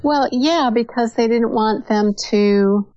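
Woman panelist, measured thinker, muffled dry recording. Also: fairly high pitch, darkish tone, no room sound. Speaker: podcast panelist. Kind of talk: casual discussion.

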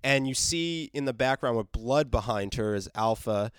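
A man reviews a comic book panel by panel in a loose, rambling way, full of filler words and soft chuckles. His voice is smooth and resonant, and it sits at an ordinary pitch for a man. The sound is close and dry. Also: expressive, normal speed, no echo.

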